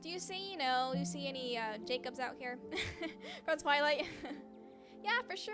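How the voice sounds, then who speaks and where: Giggly lady doing let's play commentary, high voice, game music under it. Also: expressive, normal speed. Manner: giggly, reacting aloud. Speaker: streamer playing a story game.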